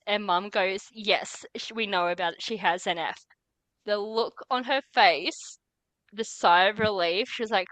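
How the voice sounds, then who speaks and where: Bright-voiced woman telling lively stories. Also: mid-range voice, normal speed, no echo, rough recording. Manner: lively storyteller, acts out quoted voices. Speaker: podcast co-host. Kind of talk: casual group chat.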